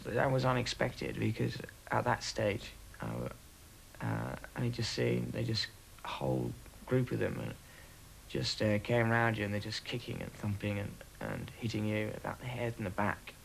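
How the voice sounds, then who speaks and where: Low, gravelly man who speaks haltingly. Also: slight background noise, poor audio. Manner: halting, full of pauses and fillers. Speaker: former RAF aircrew interviewee. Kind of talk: documentary interview recollection.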